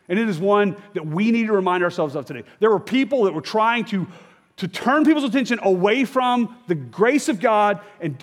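A man's voice: high-pitched, long reverb tail. A man preaching a sermon as pastor, talking in a conversational, emphatic way and often checking in with his listeners.

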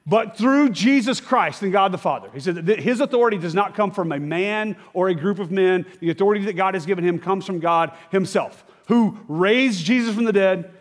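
A man's voice: sits high, a little fast, hardly any pauses, big-room sound. A man preaching a sermon as pastor, talking in a conversational, emphatic way and often checking in with his listeners.

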